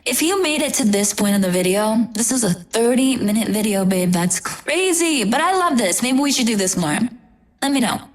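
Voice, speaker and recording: A woman's voice: a little high, animated, moderate pace. A young woman, a tarot reader, chatting casually and gushingly to her viewers, often trailing off and restarting. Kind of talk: casual chat to camera.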